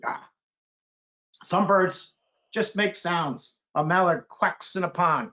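A man's voice: takes it slowly, long pauses, muffled recording. A middle-aged man reading a children's book aloud, breaking into playful bird call imitations. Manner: animated, mimics bird calls with sudden high hoots.

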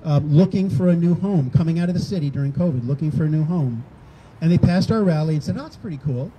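An older man speaks at an outdoor rally in a dark, mellow voice that sits slightly high. He talks casually, acting out quoted back-and-forth exchanges. Faint background noise comes through. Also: quick pace, poor audio. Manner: conversational, acts out quoted exchanges. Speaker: rally organizer speaking at a public event. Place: outdoors on a town green.

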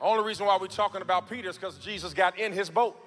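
A man preaching a live Sunday sermon in a church, calling out to the congregation and swinging from low, close talk to impassioned shouting. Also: fast talker, a little hiss or hum. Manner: addresses congregation members directly. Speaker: pastor. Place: church sanctuary before a congregation.

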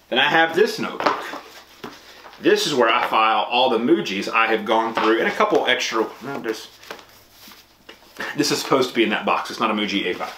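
A man talking casually to camera in a chatty, rambling way, with many restarts and ums. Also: lowish voice. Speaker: pastor and vlogger. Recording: echoey room with clear background noise.

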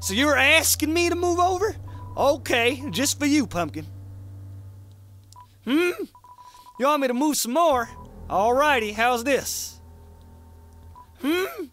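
A man's voice: extremely high pitch, big pitch swings, slow, long pauses, a bit bright, faint music behind, pitched above the performer's own voice, heavily acted. A man voicing a playful, folksy talking rock who drawls and teases. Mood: teasing. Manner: drawling, teasing, cowboy-ish.

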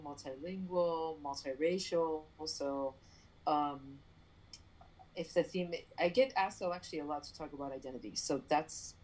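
A woman from New York with a Puerto Rican family, a playwright telling a story in an interview, animated and full of fillers and restarts. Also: low voice, poor audio. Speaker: playwright guest.

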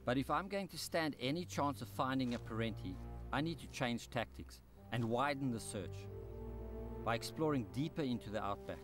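Male documentary presenter, measured scripted voice-over with music behind, mid-pitched. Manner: calm, measured storytelling. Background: documentary score music.

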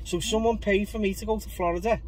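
A man's voice: high-pitched, fairly even intonation, fast, low-quality recording. A man in his thirties, co-hosting a podcast, telling a long casual story in a rambling way with fillers and casual swearing. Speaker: podcast co-host. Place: in a car. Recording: loud road noise in a car.

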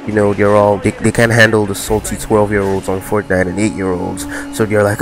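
A man's voice: lowish voice, steady tone, moderate pace, gravelly, hardly any pauses. A man giving casual, profane, rambling commentary over his gameplay as a gaming YouTuber. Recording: game music playing underneath. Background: racing game music and car sounds.

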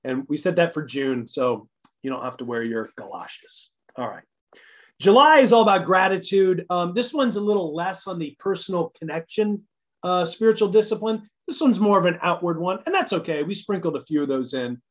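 Eager pastor with a slightly high voice. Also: male voice, moderate pace. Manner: conversational and enthusiastic, thinking aloud. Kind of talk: casual midweek church talk. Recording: dull lo-fi recording.

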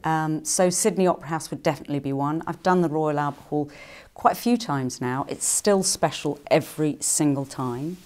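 A middle-aged woman from England, an actress and singer, casually answering fan questions in a chatty, playful way. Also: darkish tone. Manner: chatty and playful, with quick jumps into higher quoted voices.

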